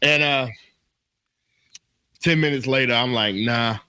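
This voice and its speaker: A man co-hosting a comedy podcast, telling a story in an animated, laughing way and acting out his own panicked voice. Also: a little high, normal speed, dry recording. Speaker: podcast co-host.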